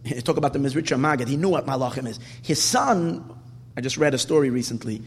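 A man's voice: mid-range voice, quick pace, big-room sound. A man giving a Torah class, posing questions and restarting his sentences as he teaches. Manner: animated, questioning, restarts often.

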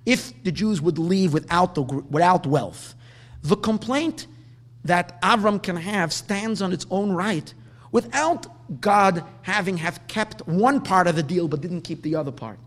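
A man with a notably high voice teaches a Talmudic lecture. He explains point by point and lingers over the Hebrew quotes. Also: animated, unhurried, a bit bright. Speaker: Torah teacher.

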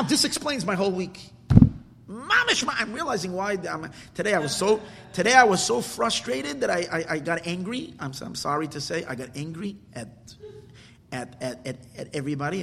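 A man teaching a Torah class, mixing Hebrew and Yiddish terms into English and swinging from quiet to loud. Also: high voice, creaky, in a large hall, a little hiss or hum.

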